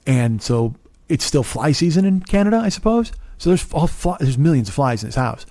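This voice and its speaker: A man in his forties delivering a comedic monologue as a podcast host, full of cursing and exasperation. His voice sits fairly high for a man and climbs further when he rants. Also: very animated, fairly quick, dry recording. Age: 40s. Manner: profane, exasperated, swings into loud high rants. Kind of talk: profane ranting comedic monologue.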